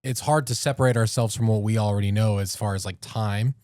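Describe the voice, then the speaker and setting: A man's voice: lowish voice, fairly even intonation, brisk, darkish tone, no echo, clean studio sound. A young adult man, a podcast co-host, musing in casual conversation with loosely phrased questions.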